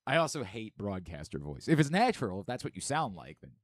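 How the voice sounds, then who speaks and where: A hoarse man hosting a sports radio show, chatting casually and joking at his own expense. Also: on the low side, very animated, fast talker, no echo. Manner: self-mocking, repetitive joking. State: hoarse from singing at a concert.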